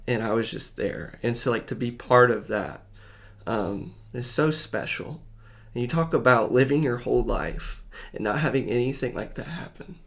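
A man's voice: mid-range voice, creaky. A man sharing a personal faith story in casual conversation, earnest and rambling, with lots of fillers. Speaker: podcast guest. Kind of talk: casual testimony chat.

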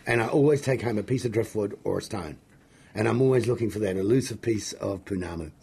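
Talking fast in a lowish register, this middle-aged interview guest from New Zealand spins animated, jokey tales in a rough, husky voice, rambling excitedly as he goes.

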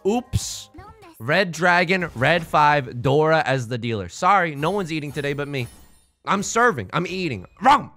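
A young man casually bantering on a livestream while playing mahjong, rambling and joking, with loud high outbursts. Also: lively intonation, a little slow, faint music behind. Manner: rambling, jokey, bursts into loud high bits. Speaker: streamer playing online mahjong.

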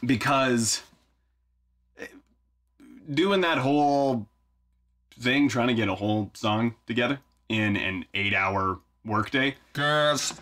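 Speaking slowly with long pauses, the video host has a medium-pitched, slightly bright voice. He's in his home studio for a songwriting vlog, chatting casually and joking at his own expense while he thinks through the work.

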